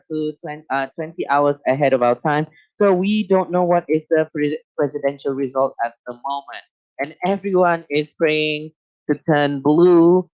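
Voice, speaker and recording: A man with a Malaysian accent hosting a live online talk show, talking haltingly with many uh and um fillers and repeated phrases. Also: on the high side, clear, resonant tone, no echo. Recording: muffled lo-fi dry sound.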